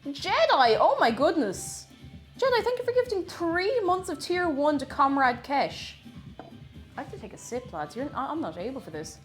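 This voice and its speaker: A woman's voice: high-pitched, big pitch swings, moderate pace, faint music behind. A young woman chatting on a baking live stream, greeting viewers one by one and laughing often.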